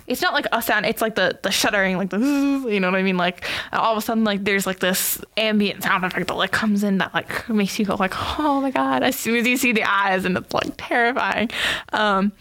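A woman's voice: mid-range voice, fairly even intonation, brisk, a bit bright. A young woman chatting animatedly as a podcast co-host, retelling a film scene with lots of filler words.

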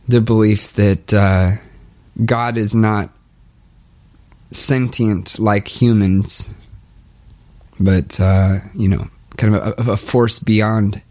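A young man speaking a hesitant, halting confessional monologue, restarting often and sounding dejected. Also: fairly low pitch, darkish tone. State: low and dejected. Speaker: podcaster documenting his spiritual journey.

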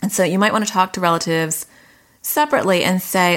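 This middle-aged woman, a child anxiety therapist, speaks fast in a lowish, slightly bright voice as she advises parents conversationally. She illustrates behavior with analogies and plays out quoted exchanges.

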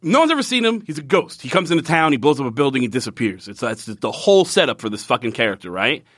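A man's voice: mid-range voice, very animated, quick pace, fairly bright tone, no echo, studio quality. A man co-hosting a casual chat, ranting with profane exasperation while recapping a TV episode. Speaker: podcast co-host recapping a TV episode.

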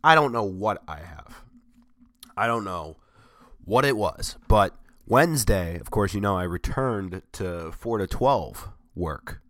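A man's voice: lowish voice, animated, takes it slowly, a bit bright, no room sound, clean studio sound. A man with a cold, voice strained, chatting casually in a sarcastic, rambling, self-mocking way. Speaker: vlogger. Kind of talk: casual chat.

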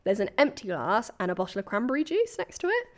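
A woman hosting a true crime podcast, telling the story in a casual, animated way with quoted voices. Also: fairly high pitch, fast talker. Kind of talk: casual chat.

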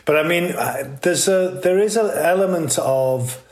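A man's voice: a little high, unhurried. A man interviewing an actor, asking long, thoughtful questions.

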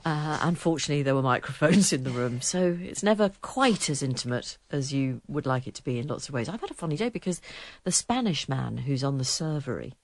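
A woman's voice: very deep voice, lively intonation, fairly quick, few pauses. A middle-aged English woman co-hosting a chat podcast, telling wry, self-deprecating anecdotes. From England. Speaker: co-host.

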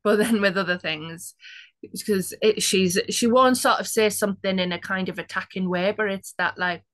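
A woman's voice: medium pitch, moderate pace, a bit bright, no room sound. A woman telling her own story as an interview guest, chatty and casual, with quoted asides.

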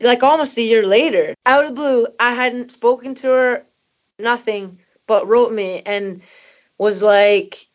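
A woman's voice: medium pitch, fairly even intonation, a little slow. A woman in her thirties, originally from Canada, candidly telling an emotional personal story as an interview guest, with many "you know" fillers. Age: 30s. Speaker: footballer guest.

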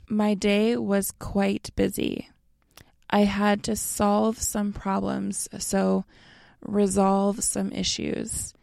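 A young American woman teaching a lesson in a slow, relaxed and friendly way, often calling her listeners you guys. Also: mid-range voice, vocal fry, no room sound, clean studio sound. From North America. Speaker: language teacher. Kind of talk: casual explanatory lesson.

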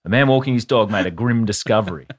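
A man's voice: lowish voice, quick pace, husky. A man with an Australian accent, telling a grim story with sweary, wry asides in a casual podcast chat. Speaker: podcast co-host.

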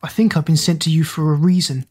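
A woman's voice: deep voice, steady tone, fast, darkish tone, breathy edge. Zack, a woman voicing an anxious doll prince. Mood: wondering. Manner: anxious and earnest. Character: frightened young male prince trapped in a doll.

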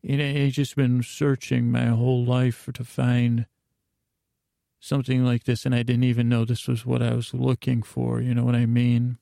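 A man's voice: mid-range voice, monotone, normal speed, creaky, dark tone, no echo, studio quality. A man hosting a podcast, narrating a rambling bedtime story with lots of restarts and self-corrections.

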